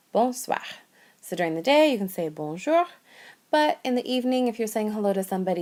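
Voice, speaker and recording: A woman teaching basic French phrases in a whiteboard lesson, speaking slowly and patiently and repeating each phrase for the learner. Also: medium pitch, creaky, a little mellow.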